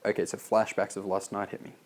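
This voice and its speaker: A man's voice: lowish voice, flat delivery, quick pace. An Australian man reading his own sales copy aloud and critiquing it in a loose, casual way, full of "like" and swearing. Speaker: copywriter reviewing a sales letter.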